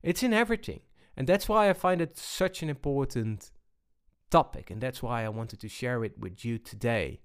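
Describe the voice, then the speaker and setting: A man giving a personal talk on balance, unhurried and full of pauses and restarts. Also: medium pitch, smooth. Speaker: speaker on balance.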